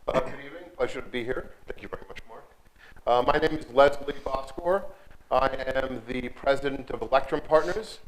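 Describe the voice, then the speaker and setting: A man's voice: mid-range voice, fairly quick, a little hiss or hum, poor audio. Man, firm president, polite and formal, faint background clicks. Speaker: advisory firm president, panelist. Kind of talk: panel self-introduction.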